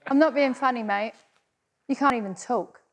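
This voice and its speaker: A brash, mouthy Cockney soap woman from the East End, as a woman puts her on, teasing in a quick, cheeky rant. Her voice sits high and bright. She fires off jibes with a broad, mocking swagger. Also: close to an everyday voice. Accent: East London Cockney.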